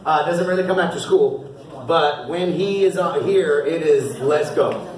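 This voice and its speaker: High-voiced encouraging coach in an echoey hall. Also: male voice, measured pace, far from the mic. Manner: upbeat and encouraging, often laughing. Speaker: youth football coach. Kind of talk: award speech at a team banquet. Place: indoor banquet hall.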